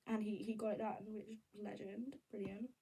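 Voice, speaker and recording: Breathy young woman chatting. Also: medium pitch, normal speed, distant mic, rough recording. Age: young adult. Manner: candid, rambling and animated. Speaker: vlogger. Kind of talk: casual chat.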